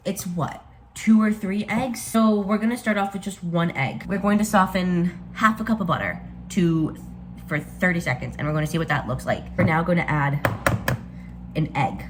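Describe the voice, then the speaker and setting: Excitable woman vlogging her baking in her kitchen, gasping and chatty, middle pitch. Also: noisy background. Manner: excitable, gasps and exclaims often. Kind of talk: casual baking vlog.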